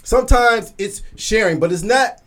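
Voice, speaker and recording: A man in a casual group discussion, a father, talking in an animated way and acting out quoted voices. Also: high-pitched, moderate pace.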